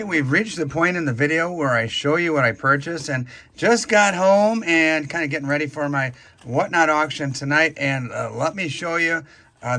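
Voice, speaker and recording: Chatty man host, slightly high voice. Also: sharp tone. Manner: chatty, easygoing, exclaiming over finds. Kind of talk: casual chat and show-and-tell.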